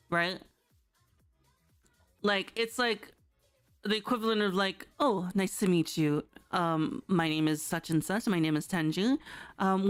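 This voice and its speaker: Smooth low-voiced woman teaching casually. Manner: chatty, loose, full of fillers and rhetorical "right?". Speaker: streamer teaching Japanese. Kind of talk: casual livestream lesson. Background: soft background music.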